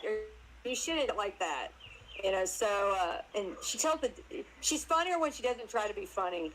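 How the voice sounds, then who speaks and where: A woman guest telling casual stories in an animated way, laughing often and acting out other people's voices. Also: a little high, measured pace, slight background noise, poor audio. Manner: animated, laughs often, acts out her mother's voice. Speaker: interview guest. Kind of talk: casual storytelling chat.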